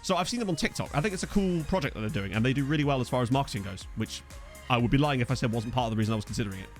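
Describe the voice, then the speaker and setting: Over soft background music, a weary streamer racing through his words in an animated, medium-pitched voice reads viewer comments during a let's-play. His casual chat rambles, turns self-deprecating, and is thick with fillers.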